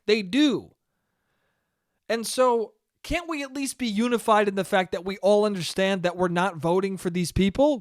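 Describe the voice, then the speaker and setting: A young man talking alone into a close mic for his podcast, rambling and cursing freely while making fun of himself. His voice sits high and swoops around a lot, and the sound is dry with no room echo. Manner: rambling, profane, self-deprecating. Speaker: podcast host. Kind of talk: casual solo monologue.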